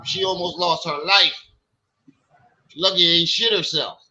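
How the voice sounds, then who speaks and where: A man's voice: high voice, fairly even intonation, unhurried, bright, forceful tone, low-quality recording. A man hosting a casual stream, retelling a friend's story in a mocking, incredulous way. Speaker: stream host. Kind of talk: casual commentary.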